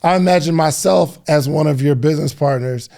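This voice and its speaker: Casting: male host, slightly higher voice, gravelly, relaxed interviewer. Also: brisk. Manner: relaxed, affirming, frequent backchannel yeahs. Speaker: podcast host. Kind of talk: casual interview chat.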